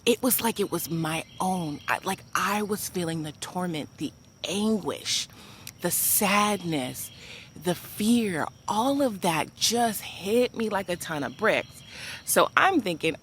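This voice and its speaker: Woman vlogging a story, kinda low voice, chatty, says like a lot, talks to y'all. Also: takes it slowly, a little hiss or hum. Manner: animated, chatty, many "like" fillers, addresses viewers as "y'all". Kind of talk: personal storytelling to camera.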